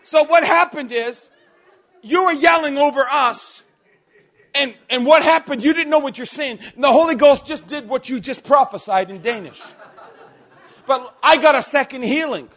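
A man preaching a sermon, telling stories with energy and swinging between quiet asides and loud outbursts. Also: very high voice, normal speed, some chatter behind. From Canada. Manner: animated storytelling, swings from soft to shouting.

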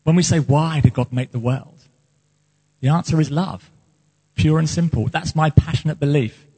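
A man preaching with earnest passion, his voice set high and edged with a husky breathiness. He delivers it as a pastor's sermon, in a church hall where every phrase carries a long, ringing reverb. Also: moderate pace, mellow.

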